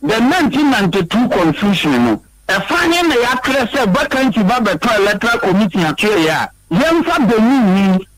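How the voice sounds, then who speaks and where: A man's voice: sits high, sing-song, a little fast, hardly any pauses, fairly bright tone, no echo, rough recording. A man with a Ghanaian accent, a regional party chairman, giving heated interview answers, emphatic and repeating himself, stammering when worked up.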